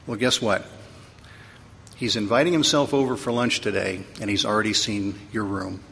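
A man's voice: lowish voice, steady tone, moderate pace, gravelly, fairly bright tone, a little hiss or hum. A middle-aged man preaching a sermon as pastor, conversational and sometimes humorous, building to emphatic peaks. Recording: long reverb of a large hall.

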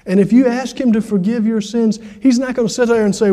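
High-voiced pastor preaching in a reverberant hall. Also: male voice, brisk, hardly any pauses. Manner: acts out quoted voices with lively pitch jumps. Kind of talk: sermon.

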